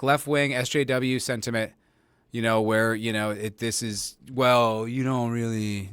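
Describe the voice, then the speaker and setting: A male podcast host rambles through a casual, sarcastic rant, stumbling over restarts and fillers. His voice sits at an ordinary pitch. The recording is dry, with no room sound. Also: fairly bright tone, dry recording.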